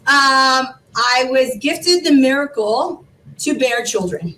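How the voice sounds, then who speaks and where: Woman in her forties, high voice, animated, rambling storyteller, heard from a distance, faint hiss. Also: slow pace. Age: 40s. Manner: animated, rambling, with many fillers and laughs. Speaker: interview guest, foundation founder. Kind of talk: emotional storytelling interview. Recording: distant mic with faint background noise.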